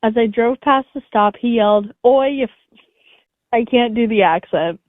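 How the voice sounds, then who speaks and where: A woman's voice: on the high side, moderate pace, no room sound. A woman reading online stories aloud in a casual chat, with light laughs and asides. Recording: dry, phone-like audio.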